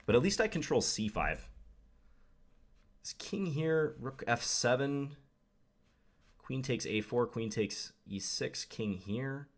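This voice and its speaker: A man's voice: mid-range voice, animated, slow pace, long pauses. A young man commenting live on his own game, thinking aloud with wry, self-deprecating asides. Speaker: chess commentator.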